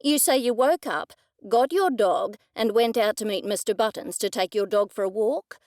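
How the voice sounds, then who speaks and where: Woman doing a stern male detective, dry probing manner, fairly high voice, dry close sound. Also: normal speed, a little mellow, no echo, close to an everyday voice. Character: stern middle-aged male police detective.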